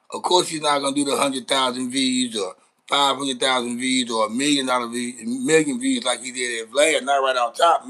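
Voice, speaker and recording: A man's voice: medium pitch, sharp tone, rough recording. A man hosting a casual live stream, rambling and swearing as he chats with viewers. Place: Dallas, Texas.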